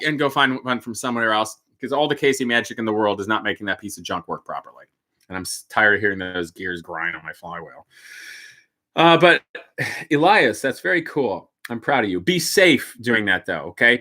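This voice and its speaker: A man's voice: mid-range voice, lively intonation, a little fast, sharp tone. A man hosting a live stream, reading and answering viewer questions in a blunt, joking way, laughing often and dropping into muttered asides. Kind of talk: casual live-stream chat.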